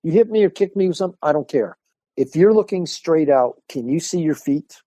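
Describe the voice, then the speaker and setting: An older man, a martial arts instructor, talking as a guest in an interview, animated and acting out the voices of people in his stories. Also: fairly high pitch, fairly quick, dry recording. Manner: animated storyteller, acts out quoted voices. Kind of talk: casual interview talk.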